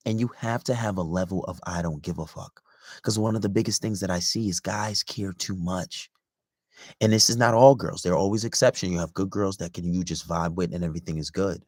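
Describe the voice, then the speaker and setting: A man's voice: sits low, steady tone, fairly quick, a little mellow, no echo, studio quality. A man as a dating coach, giving casual advice in an emphatic, profane way, repeating his points and asking "right?".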